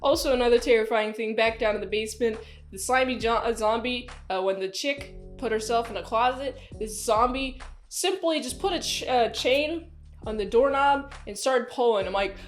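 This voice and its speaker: Animated woman recapping a movie. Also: a little high, normal speed, soft background music. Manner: animated, exclaiming, chatty recap. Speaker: movie reviewer. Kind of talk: casual spoken movie review.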